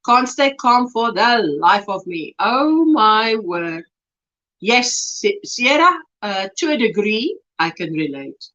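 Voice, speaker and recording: A woman hosting a crochet livestream, chatting casually, warmly reading out viewer comments and exclaiming over their work. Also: on the high side, big pitch swings, slow pace. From South Africa. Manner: effusive, reads chat aloud with exclamations and laughs. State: recovering from throat swelling. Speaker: livestream host. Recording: dull lo-fi livestream audio.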